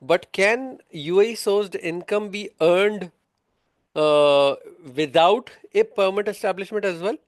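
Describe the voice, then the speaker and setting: Clear-voiced, fillers-heavy tax instructor, a man. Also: sits high, a little slow, no echo, clean studio sound. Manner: explains patiently, quizzing students, many fillers. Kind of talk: interactive online lesson.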